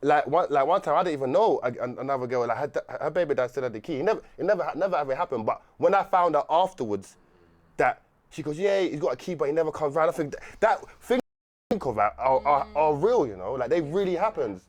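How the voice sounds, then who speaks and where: A young man telling a rambling, animated story on a podcast, laughing often and restarting his sentences. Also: fairly high pitch, fast talker. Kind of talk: casual storytelling chat.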